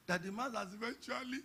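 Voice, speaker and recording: A man pastor preaching a sermon at a church conference, telling stories and breaking into shouted emphasis. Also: high voice, slightly rough. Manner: storytelling preacher who bursts into shouted emphasis.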